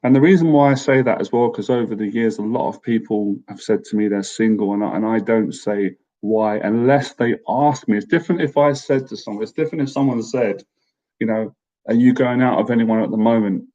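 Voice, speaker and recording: A man's voice: lowish voice, a little fast, dark tone, muffled recording. A man in his thirties hosting a casual live stream, chatting loosely with viewers, rambling and often laughing as he answers their questions.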